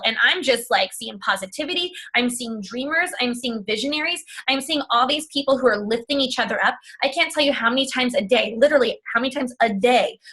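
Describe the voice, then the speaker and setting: A woman's voice: on the high side, a bit bright. A woman telling her coaching story on a video call, chatty and emotional, often quoting herself and others. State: tearful at times. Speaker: fitness coach. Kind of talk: personal testimony on a video call.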